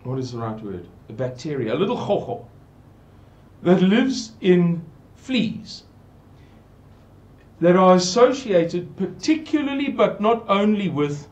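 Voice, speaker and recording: A man's voice: high-pitched, very animated, a little slow, darkish tone, highs cut off. A man giving an earnest, pleading, rambling monologue to his viewers. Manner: pleading, repetitive, digressive. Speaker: channel presenter.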